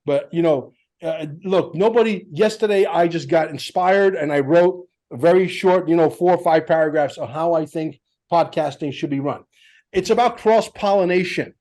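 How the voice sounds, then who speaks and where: Animated, higher-pitched male podcast host. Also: moderate pace. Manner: animated storyteller, emphatic and blunt. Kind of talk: casual podcast chat.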